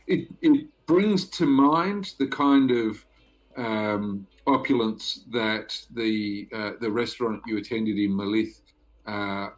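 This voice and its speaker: Male GM, low voice, slow and halting narration. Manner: halting, many fillers and pauses. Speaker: game master. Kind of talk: narrating a tabletop game.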